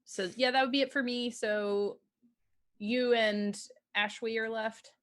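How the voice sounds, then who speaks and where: A woman playing a tabletop game, chatty and hesitant, with many pauses. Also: a little high, steady tone, fairly bright tone. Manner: chatty, hesitant, many ums, laughs easily. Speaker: player. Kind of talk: casual tabletop game chat.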